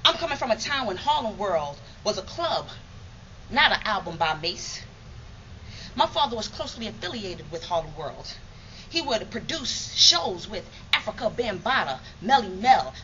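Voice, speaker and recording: Woman from New York, bright and fairly high, emphatic spoken-word monologue; dull, lightly noisy recording. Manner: rhythmic, emphatic, streetwise storytelling.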